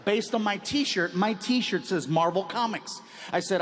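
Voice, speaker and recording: A man in his late thirties telling stand-up stories in an animated, loud, playful way on a large theater stage. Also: sits high, normal speed. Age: 30s. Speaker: stand-up comedian. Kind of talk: stand-up storytelling. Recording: echoey hall with crowd noise.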